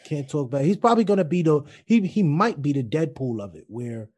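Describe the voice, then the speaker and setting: Relaxed man chatting about a movie. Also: on the high side, no echo. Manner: relaxed, halting, restarts often, slangy. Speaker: podcast co-host. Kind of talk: casual movie review chat.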